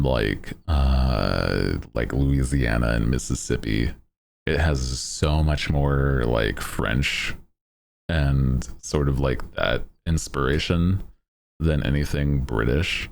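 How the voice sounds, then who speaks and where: A man's voice: rumbling low, creaky. A man streamer in casual chat, rambling in a laid-back way with lots of "like" and "dude," speaking into a desk microphone.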